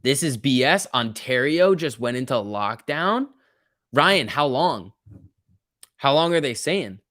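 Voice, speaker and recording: A young man hosting a casual stock-market livestream, chatty and excitable, reading chat messages aloud. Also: medium pitch, slow, dry recording, studio quality.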